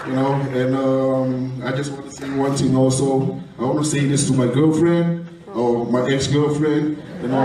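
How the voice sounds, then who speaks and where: A man's voice: medium pitch, little pitch movement, normal speed. A man, a bodybuilding competitor, giving emotional and rambling press conference answers, swearing freely. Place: large echoey hall at a press conference. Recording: echoey room recorded from far off, crowd noise. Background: crowd murmur and laughter.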